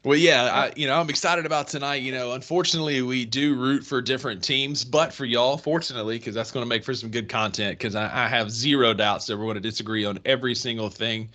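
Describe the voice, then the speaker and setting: Mississippi country guy cohosting a sports pod, bright tone, laughs a lot. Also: mid-range voice, steady tone, fast talker, hardly any pauses. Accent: Northeast Mississippi. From Northeast Mississippi. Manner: laughs often, teasing banter. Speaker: podcast co-host. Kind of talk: casual sports podcast chat.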